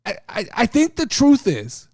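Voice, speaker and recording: A man hosting a casual wrestling talk show, speaking in an animated, profane way. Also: very high voice, measured pace, no echo, studio quality. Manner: animated, profane, mimics people he talks about. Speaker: podcast host.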